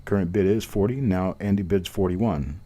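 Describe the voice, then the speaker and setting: A man runs a live online coin auction, calling out bids in a steady, rhythmic patter. His voice sits low and sounds warm and relaxed. Between lots he chats and jokes at his own expense. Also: moderate pace. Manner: chatty, self-deprecating, rhythmic bid calling. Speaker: auctioneer host.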